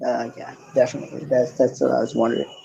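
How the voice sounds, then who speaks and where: A man hosting a casual podcast chat, hesitant with lots of pauses and fillers, yet enthusiastic. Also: medium pitch, level tone, vocal fry, dark tone, husky, dull audio.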